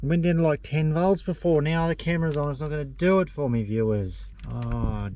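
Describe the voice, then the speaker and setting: A man's voice: fairly high pitch, a little fast, muffled recording, background noise. A young Australian man vlogging casually from his car and campsite, chatty and laid-back, full of slang and calling the viewers mate. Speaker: travel vlogger. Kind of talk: casual vlog chat to camera. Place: outdoors and in a car on a road trip.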